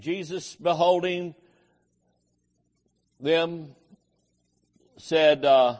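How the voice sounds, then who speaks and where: A pastor preaching with a slightly high-pitched voice. He takes his time, drawing words out slowly, and drops jokes and amens between lines of scripture. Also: animated. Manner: joking, folksy preaching with frequent amens. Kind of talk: sermon.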